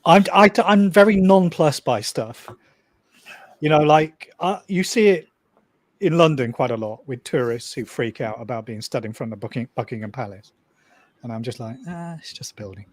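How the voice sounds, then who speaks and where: A man's voice: mid-range voice, fairly even intonation, moderate pace, dry recording. A man from Wales, chatting casually and dryly, teasing and laughing at his own jokes. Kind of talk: casual chat.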